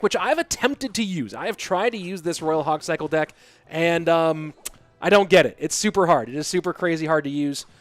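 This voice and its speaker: A man casting live esports play-by-play, chatty and reading out viewer messages between plays, getting excited at big plays. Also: fairly high pitch, no echo. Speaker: esports caster and stream host. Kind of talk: live play-by-play game commentary.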